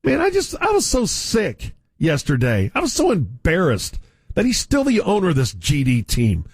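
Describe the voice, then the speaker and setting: A man's voice: on the high side, huge pitch swings, moderate pace, husky, no room sound. A middle-aged man, a sports radio host delivering a furious, sarcastic rant from a studio microphone.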